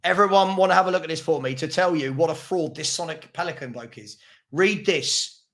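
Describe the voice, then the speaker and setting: A high-pitched man hosts a live fan stream from a home setup, reading out viewers' comments. He fires back at them in a combative, mocking way and repeats his points for effect. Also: lively intonation, fairly quick, a bit bright. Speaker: fan channel host.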